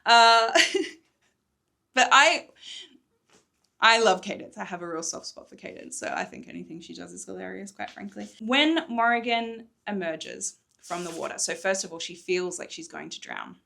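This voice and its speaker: Woman author, chatty enthusiastic readalong recap, lowish voice, hotel room. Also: lively intonation, brisk, vocal fry, hardly any pauses, fairly bright tone. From Australia. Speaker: author recapping her own book. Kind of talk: chatty readalong recap mixed with book reading.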